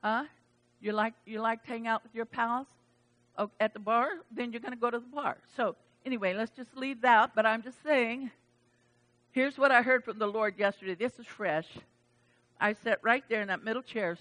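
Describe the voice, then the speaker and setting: A woman's voice: mid-range voice, bright, forceful tone. A woman pastor preaching a sermon, emphatic and chatty, with casual asides to the congregation.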